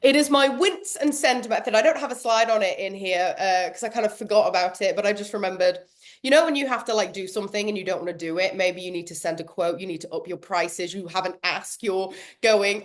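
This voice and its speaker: A woman's voice: mid-range voice, brisk. A woman running an online workshop, chatty and self-mocking, laughing often as she talks. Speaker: workshop trainer.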